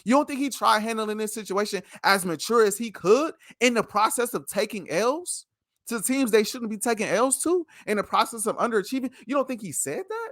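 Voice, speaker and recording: A man's voice: high voice, lively intonation, brisk, a bit bright, no room sound, clean studio sound. A man co-hosting a sports podcast, ranting passionately and repeating himself for emphasis in a heated debate.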